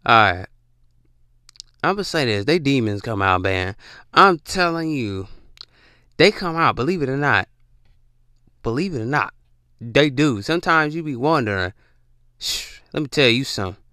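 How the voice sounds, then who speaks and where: A man talking casually about spiritual matters in a preachy, animated way, drawling and repeating himself. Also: medium pitch, normal speed, no room sound, studio quality. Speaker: podcast host.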